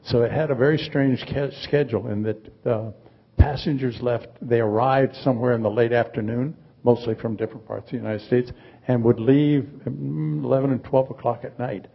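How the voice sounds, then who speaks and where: Older male artist in his 80s, raspy, rambling, dry humor, muffled event audio. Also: mid-range voice, fairly even intonation, normal speed. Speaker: artist, guest. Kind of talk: live onstage conversation.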